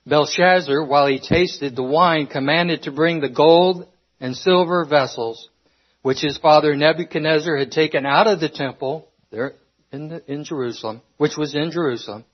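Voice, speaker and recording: Earnest breathless preacher, dull lo-fi recording. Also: male voice, fairly high pitch, moderate pace, husky. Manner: earnest, with restarts and scripture reading. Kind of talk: sermon.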